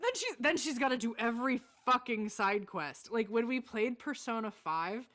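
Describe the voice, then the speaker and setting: A woman streamer in casual chat, excitable and full of swearing, shrieking when exasperated. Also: a little high, normal speed.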